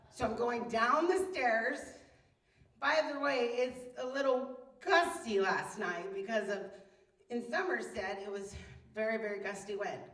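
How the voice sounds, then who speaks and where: Fifties mom, comic storyteller, lively and exaggerated, higher voice, distant echoey mic. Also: female voice. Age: 50s. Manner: animated, exaggerated, swinging between hushed and loud. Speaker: mother telling a story. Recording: roomy echo, mic far off.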